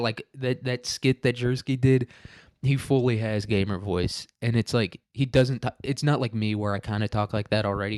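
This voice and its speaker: A man's voice: fairly low pitch, darkish tone, dry recording, clean studio sound. A young man with a nasal voice, rambling and swearing through a casual solo podcast rant, dropping "dude" and "like" and laughing often. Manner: says "dude" and "like" a lot. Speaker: podcast host.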